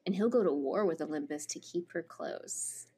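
A woman co-hosting a podcast who reads a book description aloud with expressive delivery. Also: deep voice, moderate pace, breathy edge. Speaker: podcast co-host. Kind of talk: casual chat and reading a book blurb aloud.

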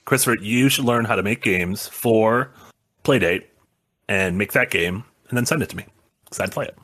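Husky low-voiced man, chatty co-host. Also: normal speed, fairly bright tone, dry recording, studio quality. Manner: chatty, rambling with fillers and "like". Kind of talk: casual stream chat.

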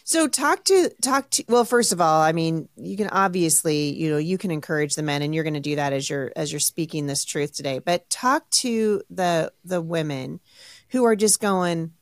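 A woman's voice: low-pitched, animated, normal speed, dry recording, studio quality. A woman hosting a podcast who asks questions and affirms her guest in a casual chat, laughing easily. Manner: warm affirming interviewer, laughs and says mm-hmm a lot. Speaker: podcast host.

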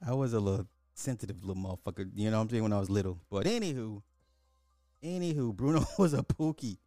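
Animated man telling stories. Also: medium pitch, fast talker, no room sound, faint music behind. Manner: animated storytelling, laughs often, swears. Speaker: podcast host. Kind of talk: casual chat.

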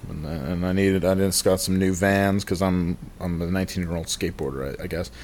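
A man with a low voice tells a comic story on a podcast. He rambles, swears casually and laughs at his own expense. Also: fairly even intonation, a little fast, darkish tone, slight background noise. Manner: rambling, self-deprecating, profane, often laughing. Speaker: podcast guest telling a story.

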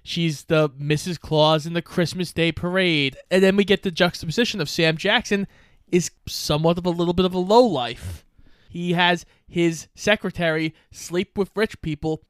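Young man, podcast co-host, relaxed plot recap, smooth clear voice, a bit high, dry close sound. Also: normal speed, dry recording. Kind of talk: casual movie recap chat.

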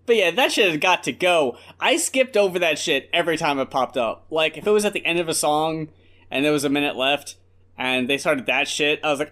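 A man's voice: a little high, brisk, fairly bright tone. A man co-hosting a casual album review podcast, ranting bluntly with lots of swearing. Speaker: podcast co-host.

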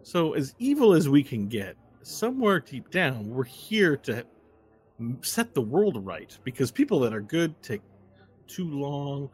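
A man's voice: mid-range voice, sing-song, a little slow, husky, voice pushed up. A man voicing a boastful, rambling immortal devilish figure in a bar during a tabletop game. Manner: chatty, rambling, tipsy.

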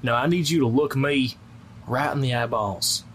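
A woman playing a tabletop role-playing game in character, gruff and exasperated as she lectures another character. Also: a bass voice, normal speed, slight background noise, rough recording. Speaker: tabletop player.

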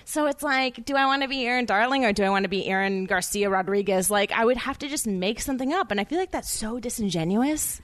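A woman's voice: fairly high pitch, quick pace, few pauses, fairly bright tone, no echo. A young woman, a podcast guest, chatting casually, laughing often and saying "like" a lot. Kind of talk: casual chat.

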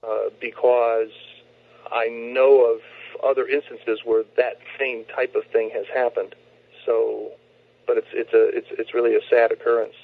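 A man from the United States calls in to a talk show by telephone, earnestly laying out his opinions in a lecturing way and frequently starting his sentences over. His mid-range voice has a level tone, a measured pace, and some vocal fry, with no echo on the line.

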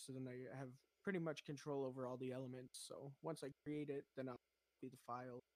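A man's voice: mid-range voice, a little mellow, no room sound. A man chatting casually on a podcast, rambling with many fillers while he explains how he works. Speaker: podcast host and animator.

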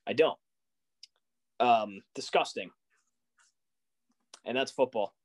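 Animated young man ranting about sports. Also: mid-range voice, takes it slowly. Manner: animated, exasperated rants with rising questions. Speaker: podcast co-host. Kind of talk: casual sports chat.

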